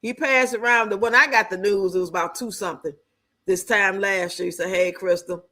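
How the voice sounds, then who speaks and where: Woman streamer, bright voice, blunt slangy commentary, reads chat aloud between jokes. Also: medium pitch, steady tone, a little fast. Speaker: livestreamer reacting to videos and reading chat. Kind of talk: casual live stream chat.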